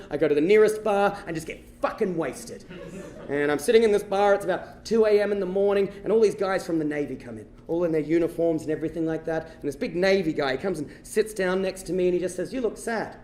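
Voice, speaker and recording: Man, stand-up storyteller, very high voice, rapid delivery, echoey live hall, animated, swearing. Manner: animated, bursts into shouting, swears. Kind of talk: comic storytelling performance. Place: live venue stage.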